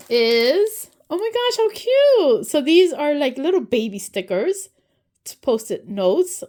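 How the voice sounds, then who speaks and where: A woman hosting an unboxing video, gushing and excited, sometimes dropping to a soft whisper as she opens items. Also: high-pitched, a little hiss or hum. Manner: gushing, excitable, often says "so stinking cute". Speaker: unboxing channel host. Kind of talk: casual unboxing narration.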